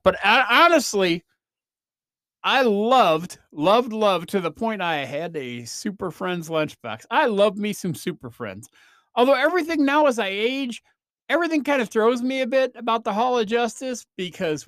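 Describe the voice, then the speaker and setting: A man hosting a podcast, rambling through a comedic monologue with animated swings and quick mock voices. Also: high-pitched, dry recording, studio quality. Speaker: podcast host.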